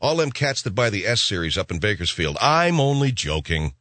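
A man's voice: lowish voice, big pitch swings, a little fast, bright, forceful tone, no echo. Sarcastic rambling male radio host. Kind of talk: comic radio monologue.

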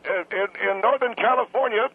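Old man in his 80s, very high hoarse voice, combative, indignant, tinny phone line. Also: normal speed. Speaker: radio caller.

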